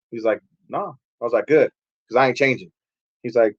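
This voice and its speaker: A man's voice: mid-range voice, quick pace, no room sound. A young man recounts his past in casual, streetwise talk, slipping into the voices of the people he met. His voice sits in a middle register. The recording is dry and close, with a slightly dull, muffled tone. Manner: candid, streetwise, acts out quotes. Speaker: pastor, podcast guest. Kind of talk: casual storytelling.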